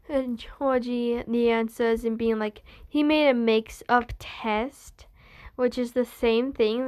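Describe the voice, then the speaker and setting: Slow, rambling woman telling a story. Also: on the high side, clean tone. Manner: meandering, full of restarts and "being like". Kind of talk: rambling spoken retelling of a fan story.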